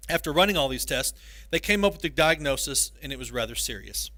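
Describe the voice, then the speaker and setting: A male pastor giving a sermon, telling stories with animated, self-mocking humor. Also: fairly high pitch, brisk, no echo.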